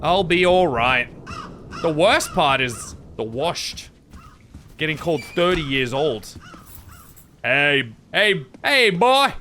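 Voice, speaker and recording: A man riffs through let's-play commentary in a goofy, dramatic, self-mocking way. His voice is bright and high, and it leaps around with lively swings of pitch while he takes his time. Faint game music plays underneath. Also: takes it slowly, long pauses, a little hiss or hum. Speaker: gaming video creator.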